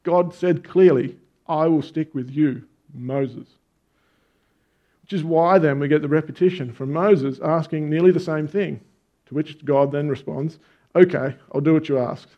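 Man preaching a lively sermon. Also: fairly high pitch, measured pace. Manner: conversational, animated storytelling with emphatic stresses. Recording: dull lo-fi sound.

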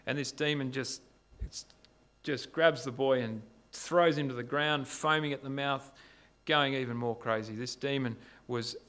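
A man preaching a sermon, retelling a story in an animated way and asking rhetorical questions. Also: medium pitch. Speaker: pastor.

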